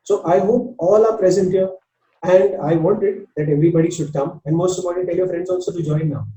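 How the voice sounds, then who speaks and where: A man with an Indian English accent teaches a spoken English class online, talking in an earnest coaching manner and often repeating himself. His voice sits high, with a very dark, mellow tone. He sounds some way from the mic in an echoey room. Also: steady tone, brisk, far from the mic.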